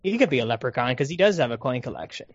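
A man's voice: mid-range voice, very animated, rapid-fire, slightly rough, dry recording. A man in his twenties chatting casually about a movie, rambling and joking with frequent laughter. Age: 20s. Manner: rambling, jokey, laughs often. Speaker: podcast co-host. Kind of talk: casual movie review chat. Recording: dull lo-fi sound.

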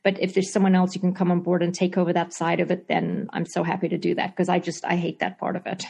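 A woman's voice: lowish voice, level tone, quick pace, gravelly, mellow, slightly rough. A middle-aged woman with a Zimbabwean accent tinged American, an actor-writer chatting in a remote interview with many fillers and restarts. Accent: Zimbabwean with American and British tinges. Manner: hesitant, many restarts and fillers, laughs often.

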